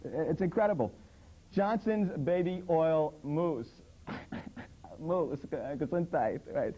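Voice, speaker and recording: Sarcastic male comedy host, mellow tone, incredulous monologue on advertising. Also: on the high side, lively intonation, slow, breathy edge, rough recording. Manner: sarcastic, incredulous, quoting ads in mock voices. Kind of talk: satirical monologue on commercials. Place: public access TV studio under hot lights.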